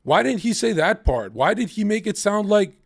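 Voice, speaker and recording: In ranting livestream commentary, a young man with a gravelly voice that sits high gets very animated at a moderate pace. He's heated, swears heavily, and performs other people's words in quotes.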